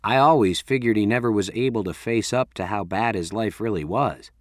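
A man's voice: on the low side, brisk, dry recording, clean studio sound, lightly acted. A man voicing a wry, slightly nervous teenage boy in a storybook reading. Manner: wry, offhand.

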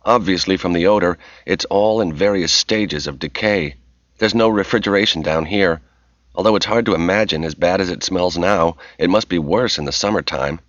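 A man voicing a calm, dryly wry man exploring a dark, foul place while talking over an earpiece. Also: low-pitched, normal speed, no room sound. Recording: slightly dull dry recording.

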